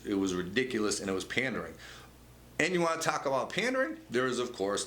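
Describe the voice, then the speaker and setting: A man's voice: low voice, bright, forceful tone. A man hosting a political commentary show, talking conversationally with frequent stammered restarts and repeated words. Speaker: show host. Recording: echoey room with faint noise.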